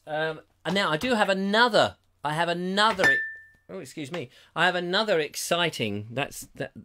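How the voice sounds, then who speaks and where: A man hosting a live online show, reading out viewer comments in a playful, theatrical, mock-excited and teasing way. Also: a little high, a little hiss or hum.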